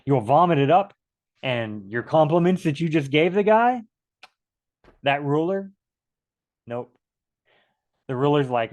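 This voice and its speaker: A man's voice: medium pitch, animated, a little slow, long pauses, a little mellow. A man teaching a casual bible study from home, rambling and acting out little back-and-forth dialogues.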